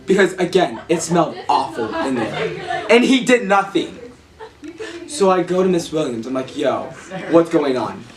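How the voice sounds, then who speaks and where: A man's voice: fairly high pitch, very animated, moderate pace, roomy sound, recorded from a distance, crowd noise. A man telling his side of a story in a comic mockumentary interview, indignant and full of slang. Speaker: interviewee in a mock documentary.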